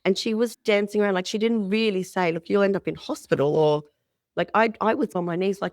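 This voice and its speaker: A woman's voice: mid-range voice, fairly quick, no room sound, studio quality. A middle-aged woman with an Australian accent, a podcast guest telling a personal story candidly, often restarting her sentences.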